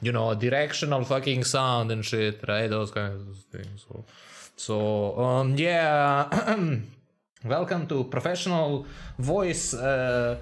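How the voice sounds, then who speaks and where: A man's voice: mid-range voice, takes it slowly. Joking, foul-mouthed male game streamer. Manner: crude, joking, chatty, reads chat aloud. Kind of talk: casual live-stream commentary. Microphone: headset mic close to the mouth.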